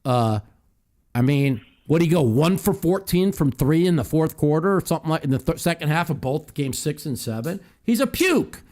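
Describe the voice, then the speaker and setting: A man's voice: a little high, fairly quick, mellow. A man hosting a call-in talk show, ranting heatedly with profanity and mocking quotes.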